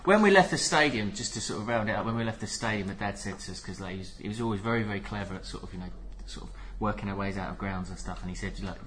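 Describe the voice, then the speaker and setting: Bright-voiced man hosting a podcast. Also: on the low side, very fast, hardly any pauses, a little hiss or hum. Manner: storytelling, laughs into shouted punchlines. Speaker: podcast host. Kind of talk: casual football chat and show sign-off.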